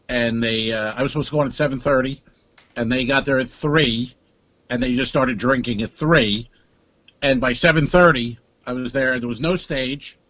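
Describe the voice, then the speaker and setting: A man's voice: mid-range voice, fairly bright tone, no echo, dull audio. A man co-hosting a comedy podcast, telling a loose, profane story in casual chat.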